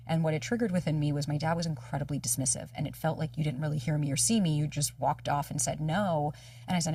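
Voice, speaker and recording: A woman dating coach telling a personal story in candid conversation, animated and casually swearing as she acts out dialogue. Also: low-pitched, fast, breathy edge, dry recording, recorded from a distance. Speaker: dating coach and podcast guest.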